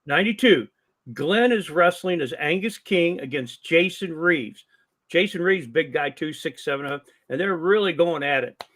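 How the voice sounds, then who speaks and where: This veteran wrestling promoter and ring announcer, an older man, speaks at a moderate pace in a voice that sits a little high. As a guest on a casual podcast, he spins long, lively stories and performs the lines of the people in them.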